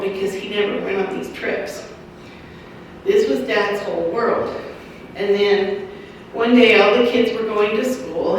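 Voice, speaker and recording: An older woman recalls family history for an audience, wandering through her memories with ums and restarts. Her mid-range voice is heard from well back from the mic, with a long hall reverb and a faint hiss beneath it. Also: mid-range voice. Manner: unhurried, rambling recollection with ums and restarts. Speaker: local history speaker. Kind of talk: family storytelling talk to an audience. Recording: echoey hall recording from far off, light noise.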